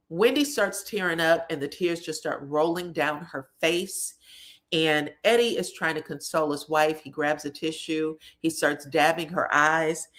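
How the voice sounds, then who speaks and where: A woman's voice: lowish voice, a bit bright. A woman casually recapping a reality show episode in a chatty, conversational way. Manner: chatty, conversational, drops in "you know what I'm saying".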